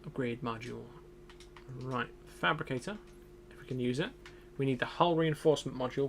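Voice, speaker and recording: A young man casually comments on his survival game stream, muttering his thoughts aloud to himself. His medium-pitched voice is creaky and a little fast, over a little hiss or hum.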